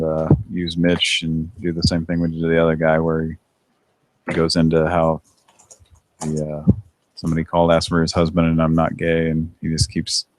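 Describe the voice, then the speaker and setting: Deep-voiced laughing man hosting. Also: no echo. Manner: laughs often, rambling. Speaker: host of a prank call show. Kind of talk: casual live chat.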